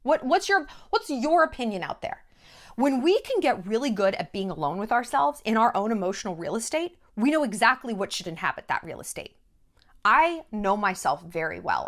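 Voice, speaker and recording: A woman's voice: mid-range voice, fairly bright tone. A woman hosting her own vlog, talking straight to camera in a blunt, emphatic way, swearing freely and hammering her points with short repeated phrases. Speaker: vlogger host. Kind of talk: direct-to-camera monologue.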